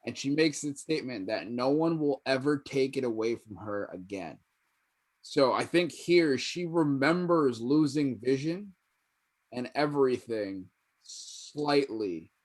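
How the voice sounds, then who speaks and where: Man, podcast co-host, plot recap, filler-heavy, mid-pitched. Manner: narrates plot steadily with fillers. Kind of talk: casual recap chat.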